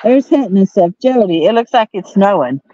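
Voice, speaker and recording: A woman's voice: mid-range voice, expressive, brisk, mellow, no echo. A woman hosting a fishing livestream from a pontoon boat at night, chatting and reading viewer comments in a drawling, playful way. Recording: slightly dull, lo-fi sound.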